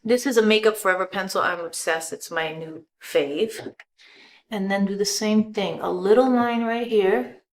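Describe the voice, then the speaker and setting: A middle-aged woman giving a casual makeup tutorial, chatty and relaxed, walking through each step and sometimes dropping to a soft murmur as she works. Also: medium pitch, normal speed.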